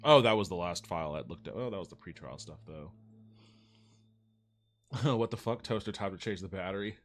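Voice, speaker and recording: A man's voice: low voice, lively intonation, fairly quick. A man streaming a game, thinking aloud in casual, rambling commentary and chatting with his viewers.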